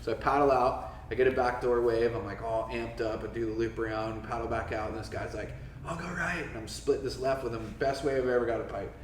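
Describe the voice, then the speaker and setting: This is a Florida man in his forties, guesting on a podcast in a casual storytelling interview, cursing liberally and acting out quotes at a louder pitch. He speaks fast in a mid-range voice with fairly even intonation and few pauses. It's recorded in an echoey room with the mic set back and a faint hum of background noise.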